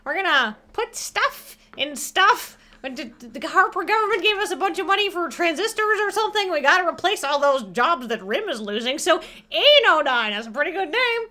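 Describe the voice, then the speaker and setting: A woman putting on a loud Canadian hoser guy. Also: extremely high pitch, big pitch swings, voice pushed up, heavily acted. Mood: boastful. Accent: put-on Canadian. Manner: drawn-out "eh?" tags, boastful. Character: boisterous small-town Canadian hoser man.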